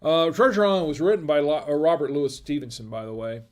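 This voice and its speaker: Speaking quickly in a slightly high voice, a middle-aged man runs a wine review livestream. He keeps things casual, rambling and digressing while chuckling frequently.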